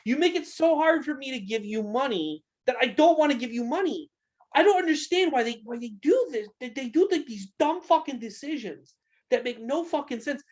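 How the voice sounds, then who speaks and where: A man's voice: extremely high pitch, expressive, brisk. A young man co-hosting a casual podcast, ranting heatedly and swearing a lot. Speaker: podcast co-host. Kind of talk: casual wrestling podcast rant.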